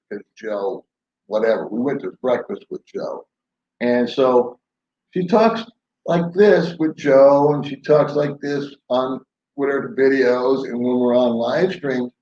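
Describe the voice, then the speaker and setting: A man's voice: medium pitch, measured pace, darkish tone, slight background noise. A man hosting a casual late-night live stream from home, rambling and joking between chuckles. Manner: rambling, chuckling, jokey storytelling. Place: home in the Philippines. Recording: echoey room, dull lo-fi sound.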